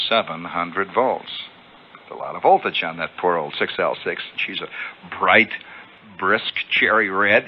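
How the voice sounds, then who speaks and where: A man spinning an animated, chuckling radio monologue and acting out the scene, heard through a lo-fi old radio broadcast. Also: low-pitched, slight background noise. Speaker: radio storyteller.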